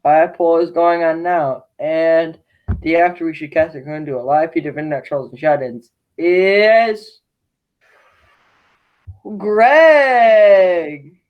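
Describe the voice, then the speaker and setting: A man playing a relaxed, scatterbrained casting assistant who talks in a casual, offhand way, over a video call. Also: fairly high pitch, moderate pace, narrow, tinny audio, natural voice. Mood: announcing. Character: laid-back, scatterbrained young male casting assistant.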